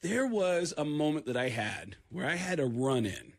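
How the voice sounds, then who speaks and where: A man, a stand-up comedian, telling an animated story as a radio guest and acting out the people in it. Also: fairly high pitch, normal speed. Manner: lively, acts out voices in his anecdotes.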